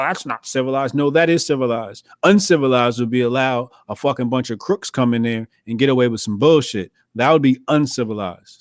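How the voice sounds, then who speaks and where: A man's voice: mid-range voice, no room sound. A man hosting a casual podcast, talking bluntly and profanely and laughing often. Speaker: podcast host.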